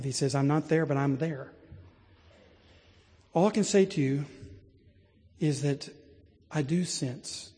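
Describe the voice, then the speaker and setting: A male preacher delivers a sermon in a large church, his voice sitting a little high. He tells stories earnestly and climbs to animated emphasis. Every word trails off into the long reverb of the sanctuary.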